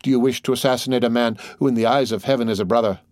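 A man's voice: mid-range voice, steady tone, rapid-fire, a little mellow, no echo, clean studio sound, natural voice. A man voicing a starving, desperate male prisoner who pleads and stammers in terror, in an audiobook. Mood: pleading. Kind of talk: audiobook character voice.

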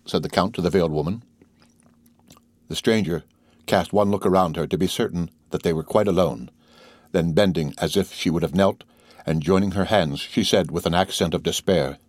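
A man narrating a classic novel as an audiobook in a measured, even way. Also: low-pitched, no echo.

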